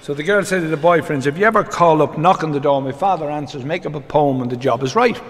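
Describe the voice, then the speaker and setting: An Irish man, a comedian, doing live stand-up, briskly rattling off short jokes as quick back-and-forth exchanges. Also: on the high side. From Ireland. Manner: brisk storyteller, rattles off quoted exchanges with repeated "he says". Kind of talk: live stand-up joke telling. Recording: reverberant venue with background noise.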